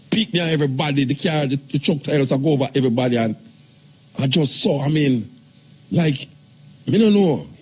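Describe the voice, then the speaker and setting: A man's voice: mid-range voice, darkish tone, breathy edge. Emphatic older Jamaican man. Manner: emphatic, rambling, speaks in patois. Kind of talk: live radio talk.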